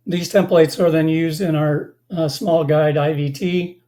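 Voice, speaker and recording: Mellow, slightly hoarse webinar presenter. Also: medium pitch, steady tone. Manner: halting, many filler sounds and restarts. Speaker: company presenter.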